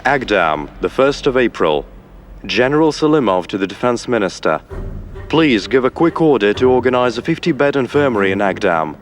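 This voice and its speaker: A man narrating a documentary, reading old dispatches in an even, formal way. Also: medium pitch, moderate pace, soft background music.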